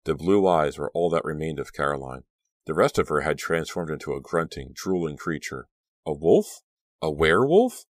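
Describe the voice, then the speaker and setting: Very deep-voiced man reading horror. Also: fairly quick, dry recording, studio quality. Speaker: audiobook narrator. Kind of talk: scripted horror audiobook narration.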